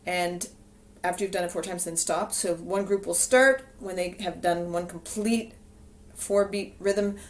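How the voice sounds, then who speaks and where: A music teacher talking to her own camera in a relaxed, explanatory way, walking teachers through classroom rhythm activities. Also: fairly low pitch, unhurried. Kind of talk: instructional video talk. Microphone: camera she films herself with.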